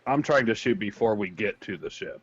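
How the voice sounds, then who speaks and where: A man playing a tabletop game, talking slowly and haltingly with many fillers. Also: fairly low pitch, expressive, husky. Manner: slow, hesitant, halting with fillers. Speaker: player. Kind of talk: tabletop game play, casual. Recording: dull lo-fi sound.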